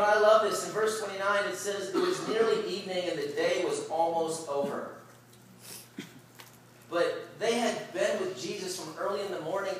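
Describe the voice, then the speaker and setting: A middle-aged male preacher with a fairly high voice tells his story in a big, booming, echoey hall. He is heard from a distance, and a crowd murmurs around him. He speaks with animated, laughing excitement and shouts at the peaks. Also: slight background noise. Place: large hall at a retreat worship service.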